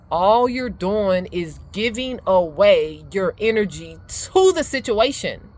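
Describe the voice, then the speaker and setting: A middle-aged woman giving life advice in a casual motivational talk, emphatic and animated, laughing often. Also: mid-range voice, unhurried, hardly any pauses. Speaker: speaker sharing life advice.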